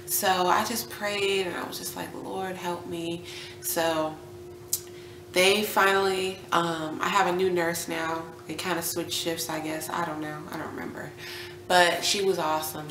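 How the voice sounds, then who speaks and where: A young woman and new mother vlogs casually in an echoey room with faint ambience and a noisy background, her voice on the low side. She tells a personal story with animation, acting out what people said and sometimes dropping almost to a whisper.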